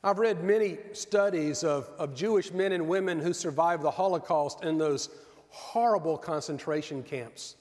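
A middle-aged man preaching a sermon in an earnest, measured way with pauses. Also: on the high side, darkish tone. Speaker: pastor. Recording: long reverb of a large hall.

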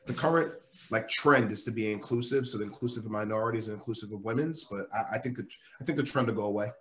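A man's voice: on the low side, fast talker, fairly bright tone. A man on a podcast giving his opinion in an earnest, matter-of-fact way. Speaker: podcast guest. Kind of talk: casual chat.

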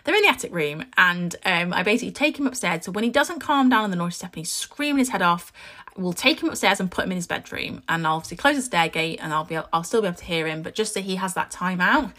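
A British woman and podcast host chatting casually about her children, telling stories in a lively way with frequent asides. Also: on the low side, fast. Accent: British English. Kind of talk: casual chat.

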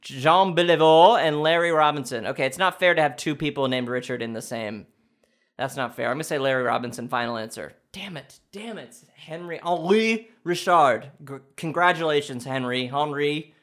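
A young man hosting a comedic quiz challenge, thinking out loud and swinging between excited shouts and low mutters. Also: brisk. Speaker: quiz contestant and host.

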